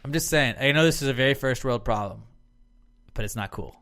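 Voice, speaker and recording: A man's voice: medium pitch, fairly quick, fairly bright tone. A young adult man co-hosting a podcast in casual chat, with laid-back, profane banter. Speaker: podcast co-host.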